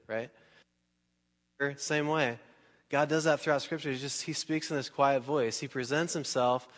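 A male pastor preaches in a relaxed, chatty way, firing questions at the congregation and slipping into quick acted bits. His pitch sits at a middling level. His voice carries through a large church hall with a long trailing reverb. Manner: conversational and animated, asks the crowd questions, acts out scenes. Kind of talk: sermon.

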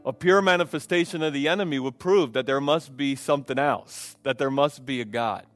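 A man's voice: mid-range voice, brisk, a bit bright, no room sound, faint music behind. A man preaching a sermon and leading prayer at a church service, with fervent delivery, repeated phrases and frequent fillers. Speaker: pastor.

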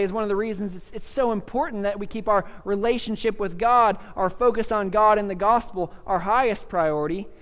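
High-voiced man preaching in a reverberant church. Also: clear, resonant tone. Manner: earnest, conversational preaching with restarts and soft laughs. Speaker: pastor. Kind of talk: sermon.

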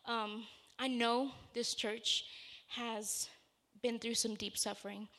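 A woman's voice: a little high, fairly even intonation, takes it slowly, bright, forceful tone. A woman preacher giving a sermon, telling a personal story in an earnest, conversational way before moving into scripture.

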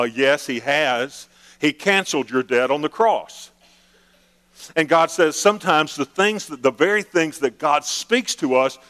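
A man's voice: on the high side, fairly bright tone. A male pastor preaching a conversational sermon, acting out the prayers of the congregation with playful emphasis. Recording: long hall reverb.

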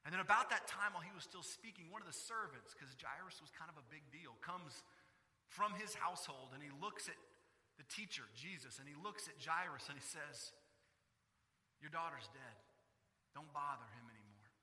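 Bright-voiced male preacher in a reverberant hall. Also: a little high, a little fast. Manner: animated storytelling, acting out quotes. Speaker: pastor. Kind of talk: sermon.

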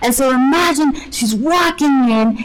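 A woman with a high, slightly slow voice gives a casual Bible teaching to a group of women, and the recording is rough. She's chatty, scatters "like" throughout, and acts out the story as she goes.

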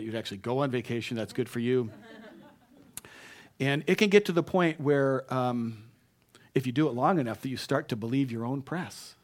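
Man preaching a conversational sermon. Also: medium pitch. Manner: conversational, with repeated restarts and rising emphatic bursts. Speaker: pastor.

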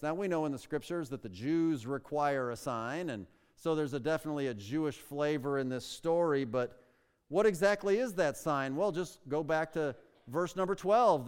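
A man's voice: a little high, expressive, clean tone. Emphatic male preacher in a reverberant hall. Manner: emphatic preaching with rhetorical questions, slows down to stress words. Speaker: pastor. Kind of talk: sermon. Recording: long reverb of a large hall.

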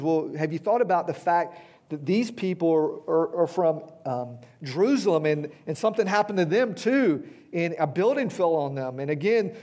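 A man's voice: on the high side, a little mellow. A man in his fifties preaching a sermon to his congregation in a conversational way, often checking in with "right?" and "okay?". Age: 50s. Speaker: pastor. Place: church hall before a congregation.

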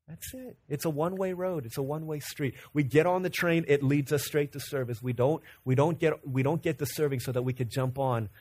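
A man in his thirties delivering a sermon as a pastor, his voice sitting a little high for a man. He tells stories in an animated way, acting out short bits of dialogue and firing off rhetorical questions.

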